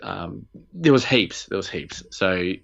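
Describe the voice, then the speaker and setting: A man's voice: low-pitched, expressive, takes it slowly, gravelly, fairly bright tone, highs cut off. A man, co-hosting a podcast in loose, rambling casual chat, swearing freely. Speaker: podcast co-host.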